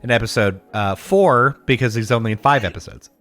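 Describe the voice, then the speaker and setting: A man co-hosting a casual podcast chat, talking in a measured, analytical way with dry humor. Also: medium pitch, fairly bright tone, faint music behind. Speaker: podcast co-host.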